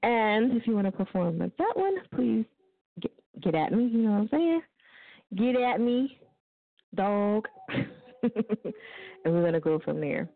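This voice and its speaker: A woman's voice: medium pitch, sing-song, measured pace, creaky, pauses often, dry recording, narrow, tinny audio. Laughing, foul-mouthed woman radio host. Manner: loose, laughing, profane banter. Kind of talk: casual call-in radio talk.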